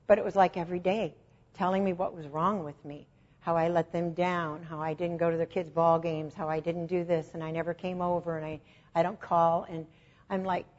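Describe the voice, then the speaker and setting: A woman giving a personal testimony sermon, emotional and swelling louder on key phrases. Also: on the low side. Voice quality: husky. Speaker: Christian speaker. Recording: dull lo-fi recording.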